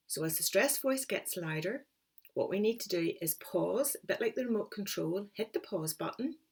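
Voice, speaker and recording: A middle-aged woman, giving a calm, encouraging motivational talk as a coach. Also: mid-range voice, creaky, husky. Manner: calm, encouraging, explains step by step.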